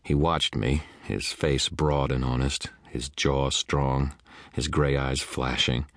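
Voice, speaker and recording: A man's voice: a bass voice, fairly even intonation, slow, a bit bright, dry recording. A man narrating a first-person detective audiobook in a wry, grumbling manner, close to the mic. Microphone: close studio mic.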